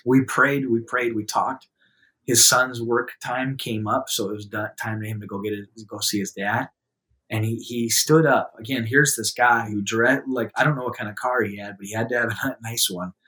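Speaking at a moderate pace, a male guest with a voice of average pitch recounts something that happened to him, casual and lively. Quoted lines come out raised and animated, laughter comes readily, and serious parts drop soft and quiet.

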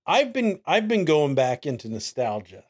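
A man co-hosting a casual podcast, animated, often repeating lines for laughs. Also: a little high, moderate pace, breathy edge. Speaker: podcast co-host.

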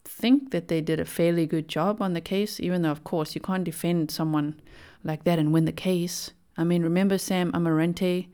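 A woman's voice: on the low side, fairly even intonation, moderate pace, few pauses, mellow, clear, resonant tone. A young adult woman hosting a podcast, giving casual, opinionated commentary with lots of "like" fillers. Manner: chatty, opinionated, many "like" fillers. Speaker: podcast host.

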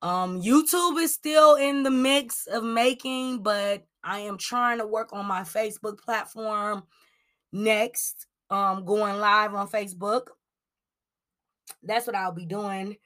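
This woman, a native of Cleveland, Ohio, has a mid-range voice and takes things slowly as she hosts a podcast about celebrity gossip. She chats casually, fills her speech with "like" and "um," and breaks into animated asides.

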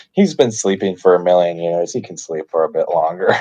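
A man in a casual movie discussion, chatting in a relaxed way and adding bits of trivia. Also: low-pitched, normal speed, muffled recording.

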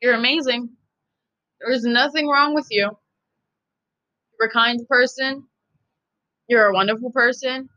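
A woman's voice: fairly high pitch, fairly even intonation, a little slow, long pauses, sharp tone, lo-fi sound. A woman hosting a podcast, talking in a casual, profane, emphatic and rambling monologue. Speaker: podcast host.

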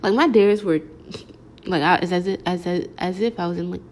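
A woman's voice: lowish voice, moderate pace, a little mellow. A young adult woman telling a casual storytime, rambling along with slangy filler words. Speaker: vlogger.

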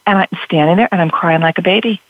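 A woman guest on a radio interview, telling her story in an animated way. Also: on the low side, fast, dry recording. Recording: dull lo-fi radio sound.

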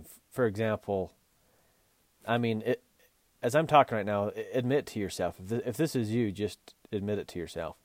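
A man from Utah with a low, somewhat mellow voice hosts a podcast where he coaches riders. A horse and mule trainer, he speaks earnestly and restarts often. There's no echo.

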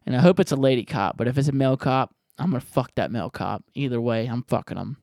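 A man's voice: mid-range voice, quick pace, darkish tone, no room sound, studio quality. A man hosting a podcast, answering voicemails in a rambling, profane, jokey way. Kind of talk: casual podcast chat.

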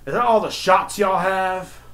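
A man's voice: sits high, measured pace, voice pushed up. A man voicing a rude, demanding woman customer in a shop. He makes her brash and bossy. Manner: brash, bossy and sharp-tongued.

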